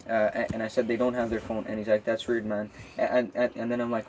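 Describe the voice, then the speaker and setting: A young man tells a story from a camper at night, rambling and nervous, tripping over his words with many fillers. His voice stays flat, with little rise or fall. A faint noise sits under the recording. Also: lowish voice, quick pace, hardly any pauses, rough recording. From Quebec, Canada. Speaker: vlogger. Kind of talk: casual vlog storytelling. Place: outdoors.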